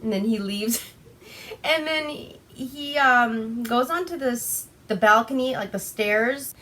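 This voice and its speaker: A young woman from Alaska hosts a casual movie recap vlog, chatty and giggly with plenty of fillers and a little tipsy on wine. Her voice is on the high side, fairly bright, and slow.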